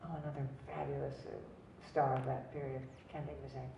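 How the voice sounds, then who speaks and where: A very deep, mellow female voice with vocal fry and a level tone speaks fast. She's an older actress at a cinema event, rambling through chatty stories and laughing at her own humor. Recorded from a distance in a roomy space, the lo-fi audio has slight background noise.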